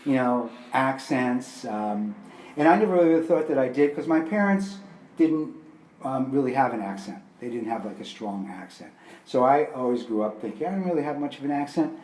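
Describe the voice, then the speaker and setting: An older man from Brooklyn with a light New York accent, answering interview questions in a relaxed, rambling way with plenty of fillers. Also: medium pitch. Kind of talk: casual personal interview. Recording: roomy echoey recording.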